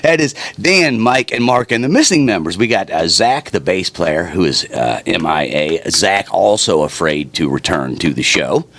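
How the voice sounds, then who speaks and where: A man's voice: moderate pace, hardly any pauses. Guy cohosting a radio show, teasing and laughing a lot, voice jumps all over. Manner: teasing, laughs often, lively pitch swings. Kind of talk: casual joking chat.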